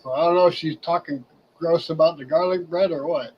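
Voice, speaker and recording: A man's voice: on the high side, brisk, muffled recording, slight background noise. A man in casual chat, hesitant and meek, mumbling with false starts, heard off mic.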